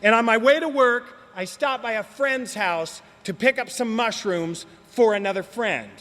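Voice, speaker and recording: A man's voice: very high-pitched, unhurried, a bit bright, slight background noise. A man telling his story at a recovery meeting in a joking, slangy way, talking straight to the audience. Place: meeting hall. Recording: long hall reverb.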